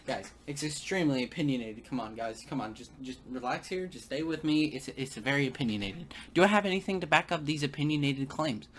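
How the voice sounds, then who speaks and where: Male commentator, sarcastic and halting, faint background hum. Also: medium pitch, a bit bright. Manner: sarcastic, stammering, repeating words. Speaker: video commentator.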